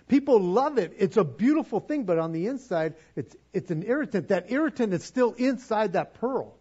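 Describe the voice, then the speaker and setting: A man's voice: sits high, darkish tone, husky, highs cut off. A man preaching a sermon in a conversational way, with acted-out asides.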